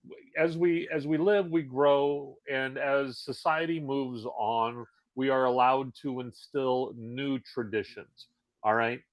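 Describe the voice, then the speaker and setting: A middle-aged man co-hosting a podcast in casual chat, with wry, crude deadpan humor. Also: mid-range voice, slow pace, low-quality recording. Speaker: podcast co-host.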